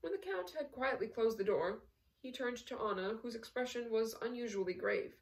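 A woman's voice: on the high side, moderate pace, creaky, far from the mic, rough recording. Woman reading a novel, set back from mic. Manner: steady storytelling with small slips. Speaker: audiobook reader.

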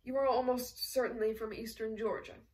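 A woman's voice: a little high, little pitch movement, moderate pace, a little mellow, distant mic, close to an everyday voice, low-quality recording. A woman reading aloud as a refined aristocratic count, poised, dry and courteous. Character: refined aristocratic male count, composed and witty.

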